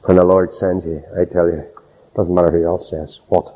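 A man's voice: low voice, level tone, normal speed. A man preaching a sermon in a dramatic, emphatic way, acting out the people he quotes. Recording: dull recording with long hall reverb.

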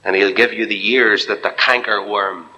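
Impassioned preacher in a reverberant hall. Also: male voice, on the low side, steady tone, moderate pace, highs cut off. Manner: impassioned, swinging from hushed to soaring. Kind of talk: evangelical sermon. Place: church.

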